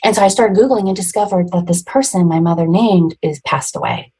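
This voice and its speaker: Husky woman in her 40s on a podcast, kinda low voice, rambly and emotional. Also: a little fast, mellow, poor audio. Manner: emotional, rambling retelling with nervous laughs. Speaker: podcast guest. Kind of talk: personal storytelling in an interview.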